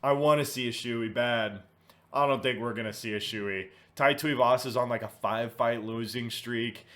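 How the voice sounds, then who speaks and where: A man's voice: mid-range voice, normal speed, a bit bright. A man hosting casual commentary, swearing freely and thinking aloud as he goes through results and picks. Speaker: host.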